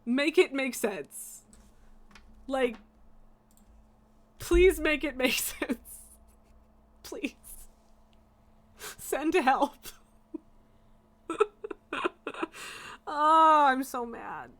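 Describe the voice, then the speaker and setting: A woman's voice: high-pitched, very slow, long pauses, a bit bright. A young woman streaming a game, ranting in exasperation and laughing between swears. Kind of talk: casual live-stream rant while gaming.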